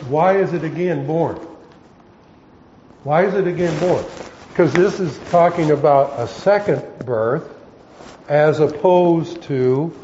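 Man teaching scripture, halting and muffled. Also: a little high, mellow, slight background noise. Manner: halting, self-correcting, explaining word by word. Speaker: pastor. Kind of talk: expository Bible teaching.

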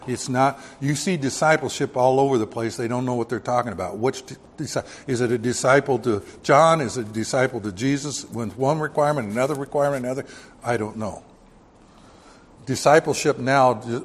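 A male preacher giving a verse-by-verse Bible lesson in a mid-pitched voice. He reads the scripture out slowly and loudly, then drops into blunt, dismissive asides. His voice carries a long reverb, as in a large church hall. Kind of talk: verse-by-verse Bible teaching sermon.

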